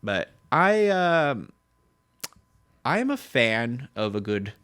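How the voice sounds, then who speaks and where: This is a man co-hosting a laid-back entertainment news chat, with a smooth, resonant voice. He rambles and trips over his words, and his pitch leaps up when something excites him. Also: slow. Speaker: podcast co-host. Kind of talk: casual pop-culture news chat.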